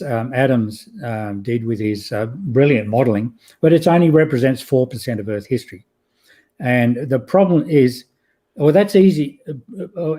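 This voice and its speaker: A man whose voice is going hoarse, speaking in a relaxed, dark tone. He presses his argument earnestly and emphatically, catching and fixing his own slips as he goes. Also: mid-range voice. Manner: earnest, emphatic, with frequent self-corrections. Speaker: guest geologist presenting his theory. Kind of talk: prepared presentation, then interview answers.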